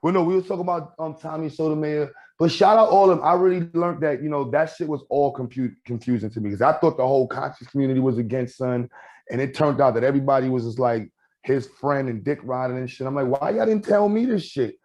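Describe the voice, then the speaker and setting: A man's voice: mid-range voice, fast talker. A man telling stories in a casual podcast chat, acting out what people said. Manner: storytelling, animated, acts out quotes.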